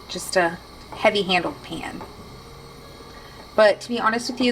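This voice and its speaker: A woman's voice: mid-range voice, fairly bright tone, a little hiss or hum, low-quality recording. A woman hosting a casual cooking demonstration in a home kitchen, chatty and self-deprecating with joking asides. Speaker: cooking show host.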